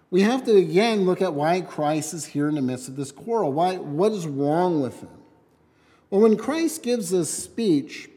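A man with a notably high voice gives an expository Bible teaching. He talks in a conversational way, emphatic and full of rhetorical questions. His voice rings out with a long reverb, as if in a large hall. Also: darkish tone. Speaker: preacher teaching scripture.

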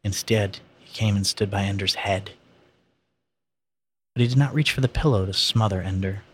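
Casual male reader, low voice, unpolished read-aloud. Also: normal speed, breathy edge. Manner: plain, unpolished, with slips and asides. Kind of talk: casual reading of a novel aloud.

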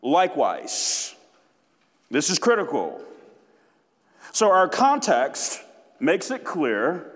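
A man preaching a sermon as pastor, emphatic and deliberate, repeating key phrases for weight. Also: high-pitched, in a large hall.

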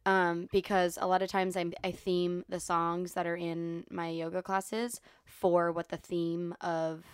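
Smooth low-voiced chatty woman. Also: level tone, unhurried, no echo, studio quality. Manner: chatty, giggly, over-explains her stories. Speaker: podcast co-host, yoga and CrossFit instructor. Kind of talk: casual chat.

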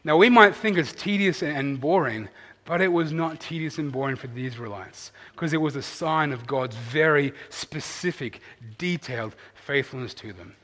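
A man preaching a sermon in an earnest, animated way, rising to loud emphasis and dropping to quiet asides. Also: fairly high pitch, normal speed, big-room sound. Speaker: pastor.

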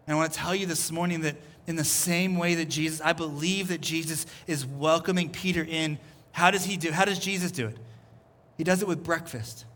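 A man's voice: fairly high pitch, steady tone, a little fast, a bit bright. A man preaching a sermon as pastor, earnest and repeating his phrases as he builds each point. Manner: earnest, repeats phrases, voices Jesus in quotes. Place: church service.

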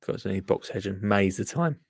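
A man's voice: on the low side, expressive, a little fast, dry recording, studio quality. A man chatting casually as he reacts to a gardening clip, jokey and rambling with many asides. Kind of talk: casual chat commentary.

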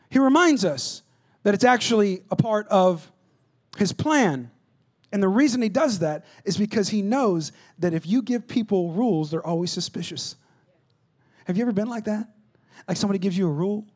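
A man, a pastor, preaching a sermon in an animated storytelling way, dropping to a hush and then rising loud. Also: high-pitched, normal speed. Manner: animated storytelling, jumps between hushed and loud.

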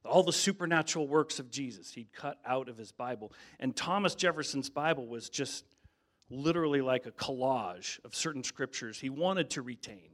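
A man's voice: mid-range voice, lively intonation, normal speed, a bit bright. A man preaching a sermon in a conversational way, telling stories and often saying "man". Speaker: pastor.

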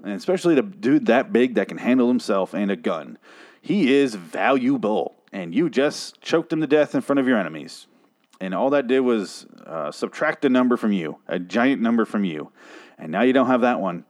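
A hoarse man reviewing a TV episode in a casual, rambling way, swearing and restarting his sentences in exasperation. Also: mid-range voice, expressive, normal speed, a little mellow.

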